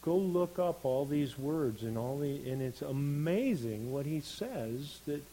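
A man preaching a sermon in an earnest, unhurried way, building to emphatic stresses on key words. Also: on the high side, lively intonation, dark tone, slight background noise, rough recording.

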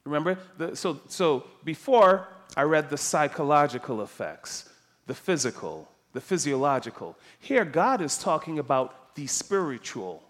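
A man preaching a sermon, emphatic and animated, dropping soft and then rising loud. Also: on the high side, normal speed.

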